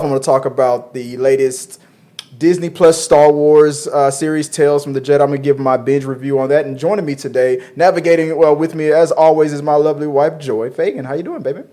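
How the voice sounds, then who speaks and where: A man's voice: a little high, a little mellow. A man hosting a casual entertainment news show, loose and joking, with frequent fillers and restarts. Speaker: podcast host.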